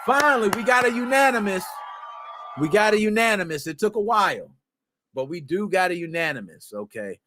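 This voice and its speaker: A man hosting a casual livestream chat, animated and excitable, talking in slang and often breaking into shouts. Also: sits high, fairly quick, slight background noise. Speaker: streamer, podcast host.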